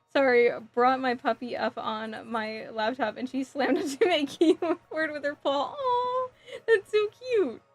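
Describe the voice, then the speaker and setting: A woman with a slightly high voice chats on a casual live stream as she builds a model kit. She is sassy and playful and giggles easily as she answers her chat. Soft music plays faintly underneath. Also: no room sound.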